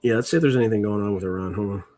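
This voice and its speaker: Low-voiced man rambling on a livestream. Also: racing, warm tone. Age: middle-aged. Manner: rambling, muttering while reading chat. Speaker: livestream host. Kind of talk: casual livestream chat.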